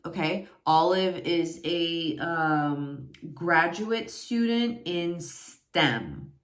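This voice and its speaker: Low-voiced chatty woman reviewing books. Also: a bit bright. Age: 40s. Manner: chatty, rambling, lots of fillers and self-corrections. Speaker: book reviewer. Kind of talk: casual book review chat. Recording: echoey room.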